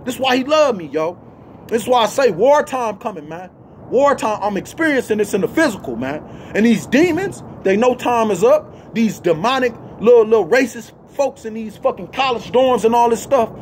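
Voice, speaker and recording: A man's voice: very high-pitched, animated, normal speed, a little hiss or hum. A man vlogging in an agitated, emphatic rant, emotional and tagging most lines with "man". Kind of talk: heated ranting monologue.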